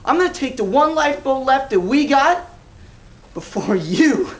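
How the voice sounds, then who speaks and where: An actor playing a volatile armed robber who shouts profane orders. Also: male voice, very high-pitched, animated, normal speed, roomy sound, low-quality recording. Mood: sneering. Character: volatile armed male robber, crude and bossy. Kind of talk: indie film acting.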